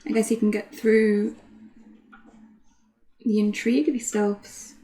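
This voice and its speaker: A woman's voice: mid-range voice, takes it slowly. A British woman co-commentating a card game match in casual chat, teasing and laughing often. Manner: giggly, teasing, animated.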